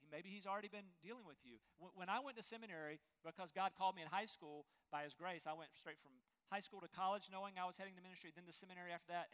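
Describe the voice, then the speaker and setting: A middle-aged male pastor delivers a sermon with earnest emphasis and the odd short laugh. His voice sits high for a man. The sound rings with the long reverb of a church sanctuary. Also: a bit bright. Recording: long reverb of a large hall.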